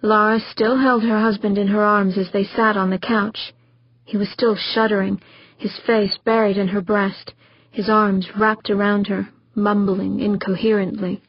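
Breathy woman narrating an audiobook. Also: medium pitch, flat delivery, unhurried, dry recording, muffled recording. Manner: voices characters with rising intensity.

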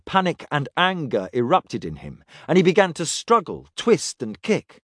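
Expressive male audiobook narrator. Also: a little high, moderate pace, no room sound, studio quality. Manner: expressive, dramatic storytelling. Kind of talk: scripted fiction narration.

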